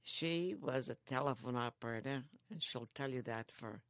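An older woman living in a care home, chatting slowly and telling stories with frequent laughs. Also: very deep voice, no room sound. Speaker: interviewee, grandmother. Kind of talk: casual chat.

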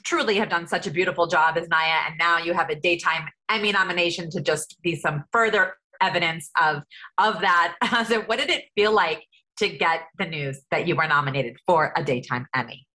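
A woman interviews a guest in a lowish, very bright voice. She asks her questions in a complimentary way. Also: normal speed. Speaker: magazine interviewer.

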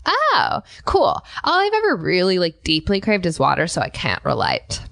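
A woman co-hosting a scripted comedy podcast, delivering absurd lines in a deadpan, playful way. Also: on the low side, moderate pace, vocal fry, no room sound, clean studio sound. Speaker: podcast co-host.

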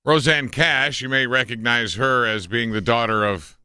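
A man co-hosting a radio show, reading odd news stories in a wry, deadpan way amid casual banter. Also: mid-range voice, moderate pace, smooth, dry recording, clean studio sound.

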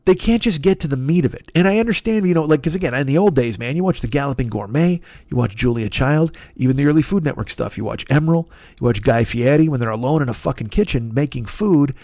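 A man on a podcast, venting in an exasperated, emphatic way and swearing freely. His voice sits at an ordinary middle pitch, and the recording is close and dry with no room sound. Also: expressive, fast, mellow, dry recording. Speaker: podcast host. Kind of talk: casual comedic rant.

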